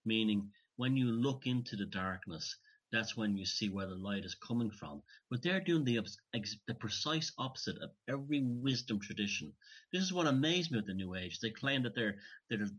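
A man in casual conversation, emphatic and opinionated, pausing and restarting as he thinks. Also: on the low side, expressive, a bit bright, breathy edge. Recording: dull lo-fi recording.

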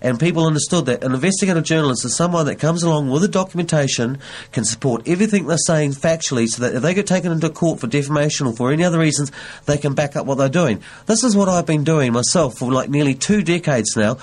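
A man's voice: fairly high pitch, animated, fast talker, darkish tone. A man, an investigative journalist, explaining his views earnestly in a conversation. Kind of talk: conversational interview.

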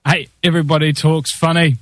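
A man's voice: fairly high pitch, little pitch movement, fairly quick, dry recording. A man with a New Zealand accent hosting a talk show, joking and sarcastic in casual chat. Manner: jokey, sarcastic, often laughing.

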